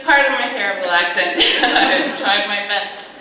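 Gracious woman speaking in a booming hall. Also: unhurried, a crowd in the background. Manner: gracious, lightly self-deprecating. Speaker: cultural society representative. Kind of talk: formal welcome speech. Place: large ceremonial big house. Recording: echoey hall from far off.

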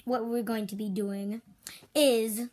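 A woman voicing a strict female toy karate teacher in make-believe play, switching between loud drill shouts and whispers. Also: a little high, steady tone, slow pace. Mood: bossy.

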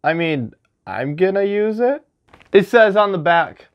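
A man's voice: sits high, measured pace. Jokey young man unboxing, lo-fi. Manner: jokey, animated, self-mocking. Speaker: vlogger. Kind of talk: casual unboxing vlog.

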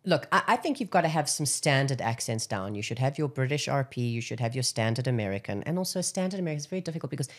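A woman's voice: rumbling low, lively intonation, fast talker, few pauses. A woman, an actress, speaking as an interview guest in an articulate, emphatic way. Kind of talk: casual interview chat.

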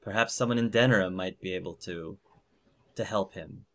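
Elven warrior, kindly, protective, calm, man doing the voice, low voice. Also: moderate pace.

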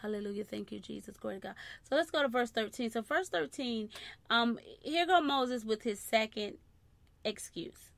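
A woman preaching a sermon, constantly breaking in with short praise phrases and dropping to soft murmurs between points. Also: on the high side, animated, a little fast, vocal fry, no room sound.

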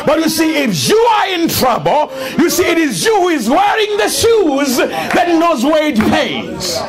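A man preaching a fervent sermon in a church, often shouting. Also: very high voice, huge pitch swings, unhurried, over music. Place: church with congregation. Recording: congregation responding behind.

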